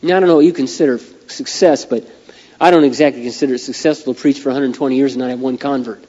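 A middle-aged man preaching a sermon with animated, folksy storytelling. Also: mid-range voice, fast talker, lo-fi sound. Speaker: pastor. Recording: long hall reverb.

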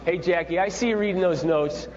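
A middle-aged man leading a parenting seminar, talking in a rambling, folksy, animated way to a group. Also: sits high, brisk, crowd noise. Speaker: seminar leader. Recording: dull echoey hall with faint hum.

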